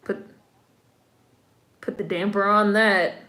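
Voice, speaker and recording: A woman's voice: medium pitch, fairly even intonation, slow pace, bright, forceful tone, echoey room. A woman giving casual commentary while watching a film, chatty and wry, with slang asides. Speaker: film reaction vlogger.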